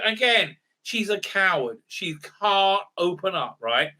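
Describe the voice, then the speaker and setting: A sarcastic man recapping an episode in a loose rant. His voice is high and sharp-edged, and he rambles through fillers and keeps tossing in tag questions. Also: big pitch swings, slow. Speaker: video reviewer. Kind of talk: ranting recap review.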